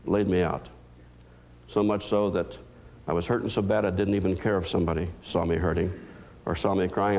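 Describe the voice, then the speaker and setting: A man's voice: fairly low pitch, a little mellow. A man giving a motivational lecture as a psychologist, telling stories earnestly and with emphasis.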